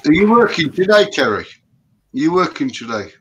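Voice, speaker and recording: A man's voice: on the high side, sing-song, a little fast, fairly bright tone, muffled recording, a little hiss or hum. Rambling, joking man. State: tired after a sleepless night. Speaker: livestream guest. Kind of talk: casual chat.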